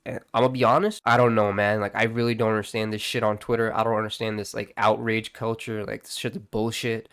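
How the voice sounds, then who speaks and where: A man's voice: medium pitch, fairly even intonation, fairly quick, hardly any pauses, clean tone. A young man giving casual vlog commentary, full of profane slang and filler words. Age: young adult. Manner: profane slangy banter, lots of "bro" and "like". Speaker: YouTube commentator.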